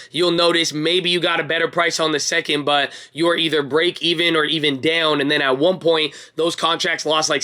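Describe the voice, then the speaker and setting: A man's voice: fairly high pitch, bright, forceful tone. Hyped young man talking stock plays. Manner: hyped, pep-talk energy, calls viewers baby and bro. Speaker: stock market video host. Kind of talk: casual market recap to viewers.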